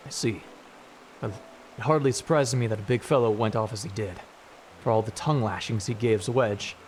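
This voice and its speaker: A man voicing a steady older male engineer, calm and reassuring as he reads game dialogue. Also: lowish voice, a little hiss or hum, close to an everyday voice.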